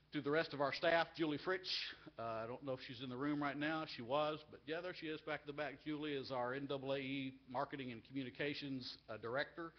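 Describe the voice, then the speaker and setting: A man's voice: mid-range voice, dull audio. A man leading an agricultural education group gives an earnest, heartfelt speech at a live university event. He gets emotional and repeats phrases for emphasis. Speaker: agricultural education association leader giving a speech.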